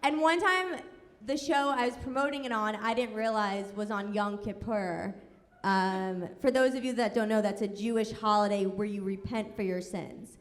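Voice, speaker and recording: A woman's voice: medium pitch, normal speed. A woman from New York doing a sarcastic, self-deprecating stand-up set on a club stage. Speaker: stand-up comedian. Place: comedy club stage, audience laughing. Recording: live club recording, long reverb, audible noise.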